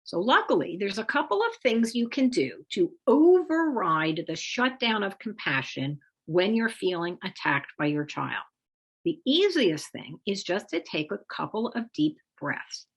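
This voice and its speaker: Husky-voiced woman teaching calmly. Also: mid-range voice. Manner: measured, explanatory delivery with occasional lively emphasis. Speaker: parenting coach presenting a webinar. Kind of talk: instructional talk with demonstration phrases.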